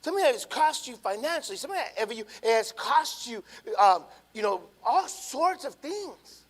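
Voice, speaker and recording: A man in his thirties, a pastor preaching a sermon, telling a family story and swinging from quiet asides to loud rising appeals. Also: very high-pitched, sing-song, moderate pace.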